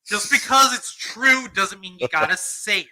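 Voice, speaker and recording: A man co-hosting a casual live-stream chat with teasing, quick remarks. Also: high-pitched, lively intonation, low-quality recording. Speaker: podcast co-host.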